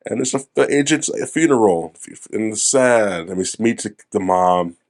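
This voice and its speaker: Co-hosting a casual movie review podcast, a man with a lowish voice speaks at a moderate pace. He's animated, swears freely, and breaks into goofy voices to mimic characters.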